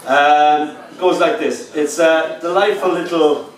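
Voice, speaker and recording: Wry poet in an echoey room. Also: male voice, a little high, fairly even intonation, unhurried. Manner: wry, dry humour between rhythmic recited verse. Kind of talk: live poetry reading with chatty asides. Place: live reading venue indoors. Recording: echoey room, distant mic, faint noise.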